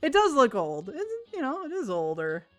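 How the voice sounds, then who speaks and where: Her voice is high, its pitch swooping wildly, and she talks at a moderate pace over faint music. Streaming a game, she's chatty and quick to laugh, performing the characters' lines in different voices.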